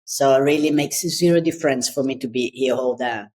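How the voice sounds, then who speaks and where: Italian-accented woman, very low voice, podcast guest, candid. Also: fairly quick, a little mellow. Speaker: guest, design consultant. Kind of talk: podcast conversation.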